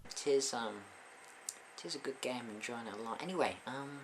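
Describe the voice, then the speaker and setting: A man's voice: medium pitch, brisk, noisy background. Hesitant, sarcastic man reviewing an album. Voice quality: hesitant, many fillers, dry sarcasm. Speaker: album reviewer, channel host. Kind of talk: casual spoken album review.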